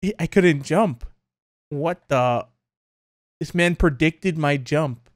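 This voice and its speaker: A man's voice: on the high side, slow, no echo, studio quality. A young man giving casual let's play commentary on a horror game, jumpy and laughing, yelping when startled. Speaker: gaming YouTuber.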